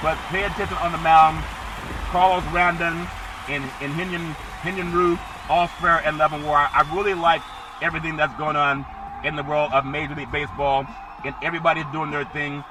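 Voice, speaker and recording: A man's voice: a little high, little pitch movement, a little fast, background noise. A man hosting a solo sports podcast, rambling and jokey with sing-song asides.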